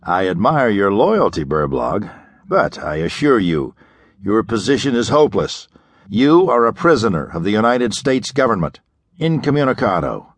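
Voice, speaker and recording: A man's voice: fairly low pitch, sing-song, normal speed, breathy edge, dry recording. A man voicing a grim intelligence agent who accuses and presses a prisoner, in an audiobook.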